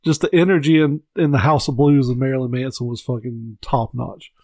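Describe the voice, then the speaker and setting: A man of middling pitch chats as a podcast co-host, mostly chiming in with short agreeing replies and cursing casually. His voice sits dry and close to the mic. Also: fairly even intonation, brisk, warm tone, no room sound. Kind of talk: casual chat.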